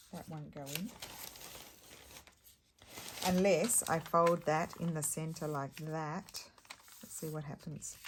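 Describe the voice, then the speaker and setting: A woman with a low, unhurried voice chats through a paper craft project as she works. She thinks out loud, breaks off mid-sentence and picks the thread back up. Soft clicks and rustling sit faintly behind her. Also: noisy background. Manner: chatty, thinks aloud while working, trails off and restarts. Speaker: crafting vlogger. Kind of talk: casual craft tutorial chat.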